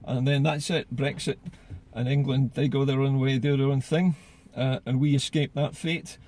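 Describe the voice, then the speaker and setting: A man's voice: mid-range voice, level tone, moderate pace, a little mellow. A man giving solo political commentary in an earnest way, often repeating words as he gathers his thoughts.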